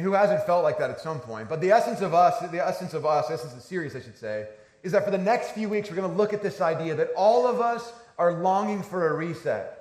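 A man's voice: fairly high pitch, a little mellow, echoey room. A man in his thirties, a pastor giving a conversational, storytelling sermon.

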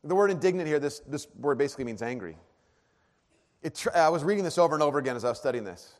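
A man preaching a sermon, earnest, dropping to a hush and then rising to emphatic peaks. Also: fairly high pitch, lively intonation, fast talker. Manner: earnest, swings from hushed to emphatic. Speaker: pastor. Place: church auditorium. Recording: long hall reverb.

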